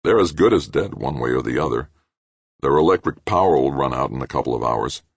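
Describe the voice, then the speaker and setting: A man with a low, creaky voice reading an audiobook, voicing a ruthless male astronaut with a curt, forceful manner. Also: lively intonation, a little fast, no room sound, heavily acted.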